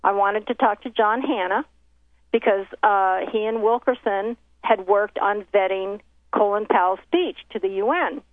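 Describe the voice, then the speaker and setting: A documentary filmmaker recounts a professional story in casual conversation, speaking at normal speed in a medium-pitched voice. She animatedly acts out the voices of the people she quotes, with many exchanges and restarts. The audio comes through a thin, tinny phone line and is dry, without room echo.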